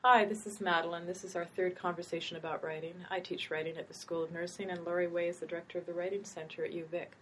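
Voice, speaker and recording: A woman's voice: fairly low pitch, level tone, fast talker, few pauses, a little hiss or hum. A middle-aged woman who teaches writing, hosting a casual academic conversation in a thoughtful, meandering way with small hesitations. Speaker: writing instructor and host.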